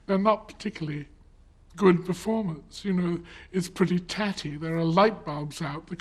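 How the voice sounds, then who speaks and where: A husky man with a slightly raised voice reflects on a colleague in an interview. He hesitates often and circles back over his words before finishing a thought. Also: sits high. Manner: hesitant, many fillers and restarts. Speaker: interview guest.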